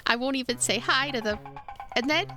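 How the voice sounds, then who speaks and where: A woman's voice: high-pitched, a little fast, sharp tone, soft background music. A woman voicing a rambling, eager prisoner cellmate in a darkly quirky game. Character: chatty quirky prisoner cellmate, clingy and morbid.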